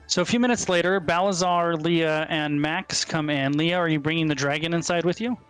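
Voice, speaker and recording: A man's voice: on the high side, steady tone, fairly quick, fairly bright tone, clear, resonant tone, faint music behind. Casual man running a tabletop game. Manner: casual, many ums and uhs. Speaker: game master.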